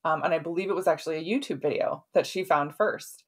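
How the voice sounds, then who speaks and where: A middle-aged woman talks through a client's story in a relaxed podcast monologue. Her voice sits a little low for a woman. She keeps checking in with the listener by ending her sentences with a quick "right?". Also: husky. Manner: conversational, often tags sentences with "right?". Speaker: podcast host and health practitioner.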